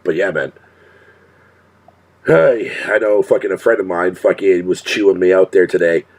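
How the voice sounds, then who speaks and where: A man's voice: low-pitched, normal speed, slight background noise. A male streamer talking casually to his chat in a profane rant, swearing constantly and laughing often.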